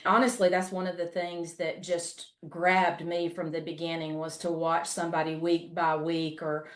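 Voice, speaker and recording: A woman's voice: lowish voice, flat delivery, moderate pace. Folksy South Carolina woman in an echoey room. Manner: folksy, storytelling, says y'all. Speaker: guest speaker, ministry leader. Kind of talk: webinar talk with personal story.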